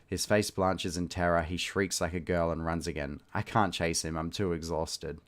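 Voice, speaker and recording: Low voiced guy reading short stories out loud, laughs at himself, casual asides. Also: steady tone, normal speed. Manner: laughs at himself, loose and chatty between stories. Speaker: reader and host.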